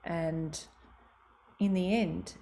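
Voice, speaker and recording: This speaker on communication, a middle-aged Australian woman, has a fairly low, dark, gravelly voice with a steady tone, and she talks extremely slowly. In her motivational talk she brings quoted voices to life with expression. There's slight background noise.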